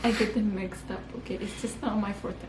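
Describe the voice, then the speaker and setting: Young woman, mid-pitched voice, chatty casual vlog talk, echoey room, faint background hiss. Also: steady tone, a little fast, a little mellow. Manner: chatty, laughs easily, uses "like" a lot. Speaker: vlogger, co-host with husband. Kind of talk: casual chat to camera.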